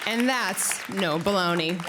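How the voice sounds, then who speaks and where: A woman telling a comic, animated story live on a theater stage. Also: mid-range voice, slow, a loud crowd, heavy background noise. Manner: comic and animated, acts out quotes. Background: audience.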